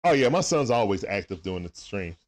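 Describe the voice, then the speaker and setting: A man hosting a sports talk livestream, giving casual play-by-play as he watches a game, shouting at big plays and greeting viewers. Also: on the low side, big pitch swings, a little fast. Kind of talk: live play-by-play watch-along commentary.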